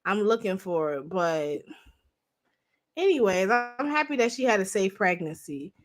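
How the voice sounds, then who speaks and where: A woman's voice: medium pitch, very animated, measured pace. A young woman hosting a livestream, chatting bluntly and profanely to her viewers. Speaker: livestream host. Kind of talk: casual livestream commentary.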